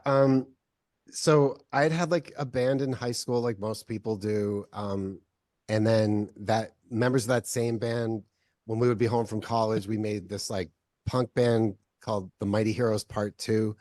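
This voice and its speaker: Low-voiced man telling stories in an interview. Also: steady tone, moderate pace, darkish tone, no echo, studio quality. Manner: rambling, heavy use of "like" fillers. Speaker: filmmaker guest. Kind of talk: casual interview storytelling.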